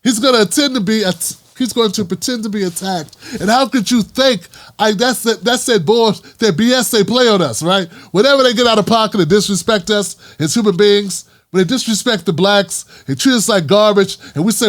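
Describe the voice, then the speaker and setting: A male vlog host delivers an emphatic, opinionated commentary monologue. His voice sits high for a man, and he hammers his points with repetition. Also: normal speed, hardly any pauses. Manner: impassioned, emphatic, repeats lines for punch.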